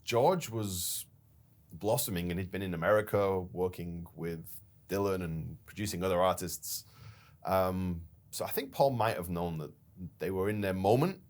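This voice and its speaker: Deep-voiced man telling a story. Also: normal speed. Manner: storytelling, animated retelling with laughs. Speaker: company founder and podcast co-host. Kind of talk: casual business chat.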